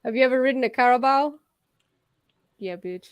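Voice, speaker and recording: A woman's voice: high-pitched, normal speed, clear, resonant tone, no echo. A woman from the Philippines teasing her co-hosts and laughing easily on a podcast. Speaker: podcast co-host. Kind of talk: casual chat.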